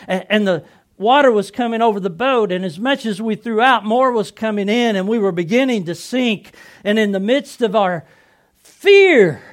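A man playing excitable fisherman Peter, high-voiced. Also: natural voice. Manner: earnest, excitable storyteller. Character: Simon Peter, impulsive adult fisherman apostle. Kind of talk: first-person dramatic monologue.

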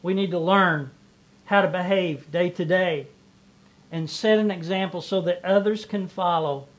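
A man's voice: sits high, a little slow. A man preaching a sermon as pastor, repeating phrases and swelling and dropping in volume.

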